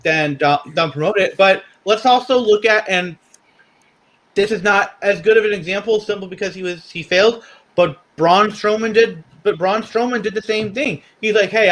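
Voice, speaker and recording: A man on a podcast panel talking wrestling in a casual, animated, argumentative way with many restarts. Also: high voice, moderate pace.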